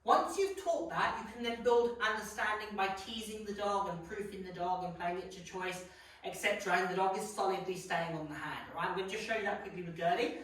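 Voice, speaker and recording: A woman, a dog trainer explaining each step of a training method clearly, one step after another. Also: mid-range voice, brisk, a bit bright. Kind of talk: instructional demonstration. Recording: echoey room, distant mic, faint noise.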